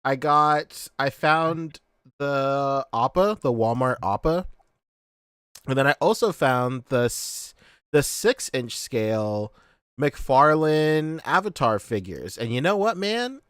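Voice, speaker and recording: A man's voice: mid-range voice, lively intonation, takes it slowly, fairly bright tone, smooth, no echo, clean studio sound. A man co-hosting a toy and comic podcast, telling stories in casual chat, laughing often and swearing. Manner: laughs a lot, swears, rambling storyteller. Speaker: podcast co-host.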